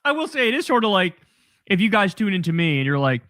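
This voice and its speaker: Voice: mid-range voice, very animated, fast, fairly bright tone, no room sound, clean studio sound. A commentator mocking someone's views and putting on voices to quote people.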